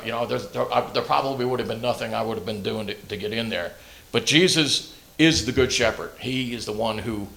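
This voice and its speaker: Man, preacher, conversational sermon, mid-pitched voice, halting delivery, lots of fillers, self-deprecating humor. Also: creaky, fairly bright tone.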